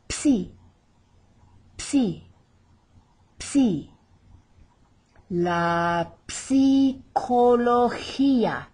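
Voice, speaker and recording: A woman teaching a vocabulary lesson, drawing out each word slowly as she models pronunciation. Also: lowish voice, darkish tone, breathy edge. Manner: slow, drawn-out model pronunciations. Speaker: Spanish teacher.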